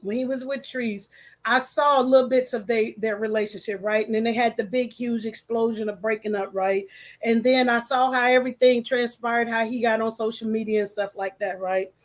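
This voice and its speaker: Reading comments aloud on her home livestream, a woman chats in a relaxed way, welcomes viewers and fumbles some of their names. Her voice is a little high, with a steady tone at normal speed.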